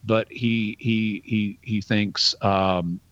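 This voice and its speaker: A man's voice: lowish voice, steady tone, very slow, a bit bright, no echo, muffled recording. A man who is a radio show guest, telling a story in a casual way with chuckles and restarts.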